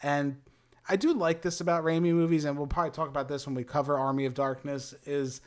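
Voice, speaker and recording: Co-hosting a casual movie review chat, a young man talks enthusiastically, now and then slipping into a showy announcer tone. His voice is fairly high and darkish, delivered flatly at a quick pace.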